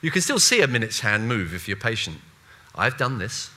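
A man preaching a sermon in a conversational, animated way, with playful asides and voiced quotes. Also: medium pitch, normal speed, slight background noise.

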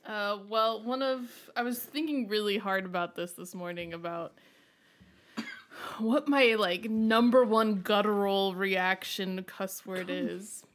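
A woman's voice: mid-range voice, takes it slowly. Forthright woman in casual banter. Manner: forthright, emphatic when quoting herself. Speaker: podcast co-host.

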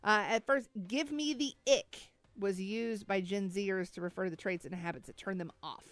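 A woman's voice: mid-range voice, a little fast, a bit bright, no echo. A woman co-hosting a morning radio show, chatting casually and reacting with playful indignation. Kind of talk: casual on-air banter. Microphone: studio microphone. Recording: dry studio sound.

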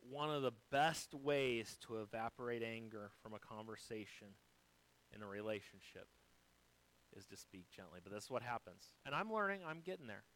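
A man delivering a sermon as a pastor, swinging between loud emphasis and soft, quiet lines while quoting scripture. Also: mid-range voice, lively intonation, fairly quick, poor audio.

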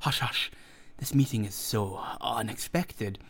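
A man voicing a wealthy aging doctor who talks in a hurried, placating, stammering way. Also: lowish voice, breathy edge. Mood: flustered.

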